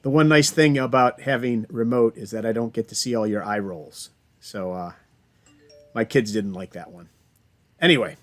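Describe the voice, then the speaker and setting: Chatty man lecturing over a video call. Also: mid-range voice. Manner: chatty, restarts sentences, tells corny jokes. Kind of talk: remote college lecture. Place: home, lecturing remotely.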